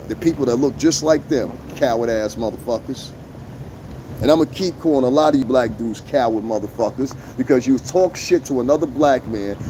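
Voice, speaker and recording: A man's voice: medium pitch, warm tone, a little hiss or hum. A man ranting on a live stream, blunt and profane, repeating his points for emphasis. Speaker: YouTube streamer. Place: outdoors on a lawn.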